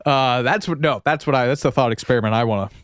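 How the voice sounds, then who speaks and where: A man's voice: medium pitch, fast, fairly bright tone, dry recording, clean studio sound. A man co-hosting a podcast in casual chat, rambling and riffing with lots of "like" and some swearing. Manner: laughs at his own jokes. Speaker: podcast co-host.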